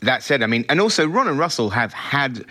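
A man's voice: medium pitch, big pitch swings, a little fast, pushed and bright. A middle-aged British man, a film director, answering interview questions in a chatty, reflective way with frequent restarts.

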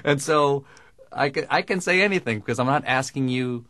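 A middle-aged man from the American South with no Southern accent, talking in a dry, deliberate way with crisp diction in an interview. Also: medium pitch, fairly bright tone, no room sound. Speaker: comedian guest. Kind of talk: radio interview conversation.

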